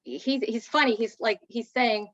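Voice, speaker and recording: A woman giving medium readings as a guest, in a soft, reassuring manner with hesitant fillers. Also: a little high, moderate pace, dry recording, highs cut off. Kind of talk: spiritual reading, casual chat.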